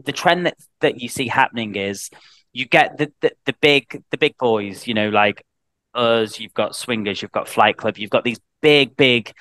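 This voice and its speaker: A man's voice: medium pitch, normal speed, pushed and bright, no room sound. A British man chatting as a guest on a podcast, talking loosely with many restarts and fillers. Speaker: guest, head of sales. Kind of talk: casual podcast interview.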